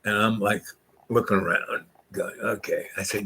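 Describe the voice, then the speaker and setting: An older man telling a long, rambling story in a casual, animated way, sometimes acting out the people in it. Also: fairly low pitch, moderate pace, husky. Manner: rambling, animated, acts out voices in quotes.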